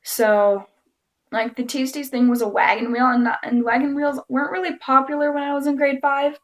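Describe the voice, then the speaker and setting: Speaking at a moderate pace in a high voice, a woman chats casually to camera as she tells a story. She keeps giggling and performs other people's lines with animation.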